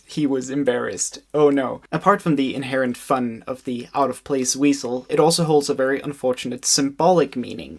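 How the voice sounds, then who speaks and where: A young man in his twenties narrating a casual educational video essay with joking, wry asides. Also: medium pitch.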